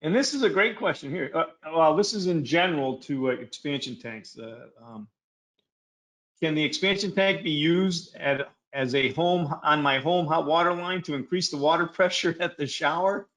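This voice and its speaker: A man's voice: on the high side, moderate pace, a bit bright. A man moderating a webinar, reading out questions in a casual, hesitant way with fillers.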